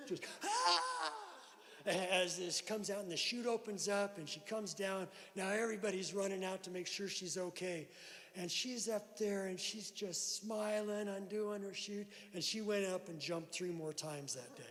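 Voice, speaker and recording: A man's voice: high voice, a bit bright. A man telling a personal story at a recovery meeting in a church hall, acting out the voices of the people in it. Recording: long hall reverb.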